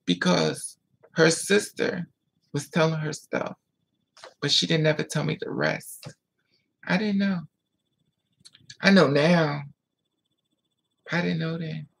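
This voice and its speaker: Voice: medium pitch, fairly even intonation, slow pace, gravelly, pauses often, a bit bright, husky. A vlogger telling a painful personal story in a blunt, raw way, repeating phrases and swearing freely.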